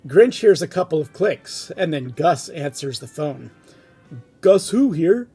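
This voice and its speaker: Husky man reading a script aloud. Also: a little high, expressive, measured pace, dark tone, faint music behind. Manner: wry asides between read lines. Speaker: reader and narrator. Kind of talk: casual comic script reading.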